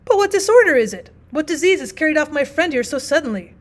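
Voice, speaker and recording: Woman voicing a hypochondriac notary, panicky, shrill cries, storybook reading. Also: big pitch swings, normal speed. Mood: anxious. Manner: frantic, shrill exclamations. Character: panicky middle-aged male notary, hypochondriac.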